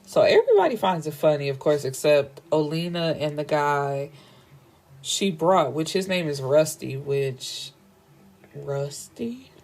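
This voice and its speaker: A woman hosting a book podcast, recapping a story in an animated, slangy way and swearing freely. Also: low-pitched, a little slow.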